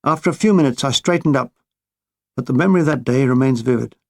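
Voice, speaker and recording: A man reading his own war memoir with a dry, deadpan comic delivery. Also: mid-range voice, fast, vocal fry. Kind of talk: audiobook memoir narration.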